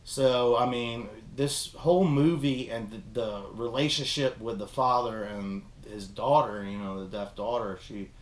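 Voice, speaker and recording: A man's voice: mid-range voice, measured pace, hardly any pauses, reverberant. A young man casually chatting as a film review host, rambling and swearing as he retells scenes. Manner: rambling, profane, animated retelling. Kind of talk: casual chat.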